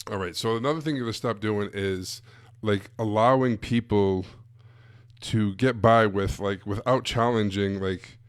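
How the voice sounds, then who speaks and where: Man, sales coach, live-stream talk, blunt and emphatic, low voice, dry close sound. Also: a little slow, smooth, dry recording. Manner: blunt, emphatic, casual with frequent asides.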